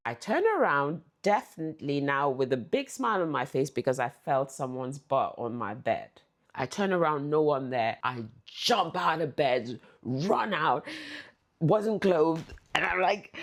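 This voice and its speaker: A middle-aged woman with a low voice tells stories to her viewers in a loose, chatty way. She laughs often as she talks. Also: lively intonation, unhurried, gravelly. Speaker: channel host. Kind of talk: casual storytelling.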